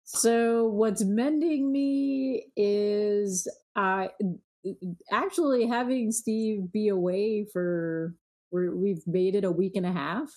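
Animated storytelling woman on a podcast. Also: medium pitch, slow pace. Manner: storytelling, animated quoting of her kids. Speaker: podcast co-host. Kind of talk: casual chat.

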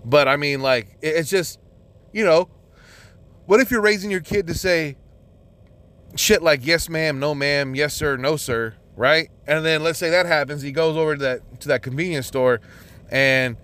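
Man, podcast host, casual solo monologue, swears constantly, rambles with lots of restarts, voice sits a bit high. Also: moderate pace, pauses often, a bit bright. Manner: rambling and profane, with many restarts and filler words.

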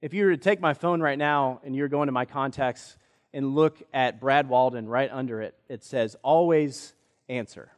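A pastor speaks at normal speed in a mid-range voice, earnestly recounting a personal story during his sermon. He animates the people he quotes with lively voices. Recorded in a church sanctuary, the audio has a long reverb.

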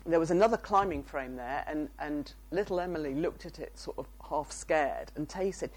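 A woman's voice: low voice, normal speed, few pauses, darkish tone, breathy edge, low-quality recording. A woman, a psychotherapist and author, telling case stories as a guest. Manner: storytelling with quoted dialogue.

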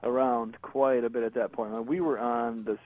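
A man's voice: mid-range voice, brisk, no room sound. A middle-aged man, a guest musician, talking casually in an interview with a laid-back, slangy manner. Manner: laid-back, slangy, animated when joking. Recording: tinny phone line.

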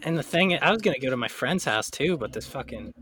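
A man's voice: medium pitch, lively intonation, fast, bright, forceful tone, a little hiss or hum. A man co-hosting a casual podcast, rambling and joking, often laughing and swearing, with a somewhat nasal voice. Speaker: podcast co-host. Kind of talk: casual chat.

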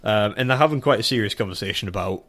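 A young man co-hosting a casual film review chat, animated and laughing as he acts out scenes. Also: on the low side, fast. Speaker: podcast co-host.

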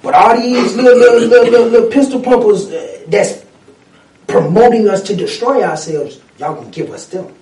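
A man in casual chat, ranting in a lively, profane way with street slang. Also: extremely high pitch, moderate pace. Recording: echoey room, mic at a distance.

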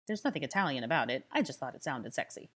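A woman's voice: very deep voice, very animated, fast talker, fairly bright tone, exaggerated voice. A woman reading aloud and voicing a flamboyant young man who mixes cocktails, playful and theatrical. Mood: playful showman.

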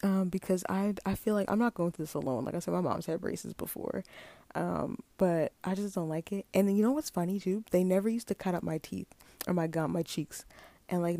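A woman's voice: lowish voice, vocal fry, dark tone, no echo. A woman in her late twenties telling a rambling, casual story, full of fillers and asides. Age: late 20s. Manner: chatty, rambling with many fillers. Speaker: vlogger.

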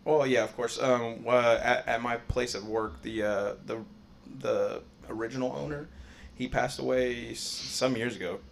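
A man's voice: mid-range voice, fairly even intonation, a little slow, gravelly, slight background noise. A man co-hosting a podcast in casual banter, rambling, laughing often and making crude jokes. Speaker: podcast co-host.

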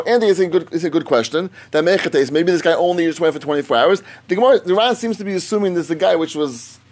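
A man's voice: on the high side, a little mellow. A man teaching a Talmud class, reasoning aloud with emphatic, repeated phrases and fielding students' questions. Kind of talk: Talmud study lecture.

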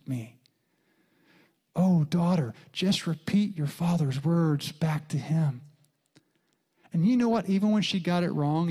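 A middle-aged man preaching a sermon as a pastor, telling a story with lively jumps in pitch and soft whispered quotes.

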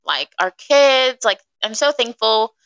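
A woman's voice: fairly high pitch, lively intonation, slow, a bit bright, smooth, poor audio. A young woman co-hosting a podcast, chatty and teasing as she fills in details of the story. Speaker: podcast co-host. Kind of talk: casual chat.

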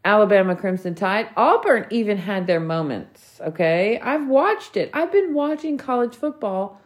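A woman's voice: mid-range voice, expressive, moderate pace. Heated profane woman podcaster. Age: 40s. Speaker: podcast host. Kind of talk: solo podcast rant.

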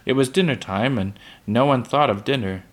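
A man reading a children's book aloud, unhurried, with small slips that he corrects. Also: medium pitch.

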